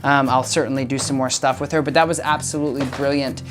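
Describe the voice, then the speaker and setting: An upbeat dog trainer narrates a training session indoors, chatty and full of praise for the dog. Faint music runs underneath, and the voice sits at an ordinary middle pitch. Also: steady tone, fast talker. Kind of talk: casual training vlog. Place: indoor room with a dog crate.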